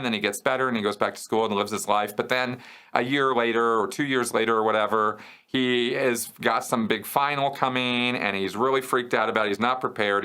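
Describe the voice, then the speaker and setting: A man talks through an idea in a relaxed, explanatory way, often pausing to check that the listener follows. His voice sits at a middle pitch with a bright, forward tone. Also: smooth. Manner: conversational, checks in with "okay?" and "right?". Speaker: host answering viewer questions. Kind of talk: explanatory casual talk.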